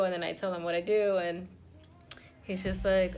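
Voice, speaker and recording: A woman's voice: fairly low pitch, little pitch movement, normal speed, vocal fry, darkish tone. A woman in her twenties chatting casually to camera in a vlog, rambling with fillers and laughing easily. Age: 20s. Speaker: vlogger.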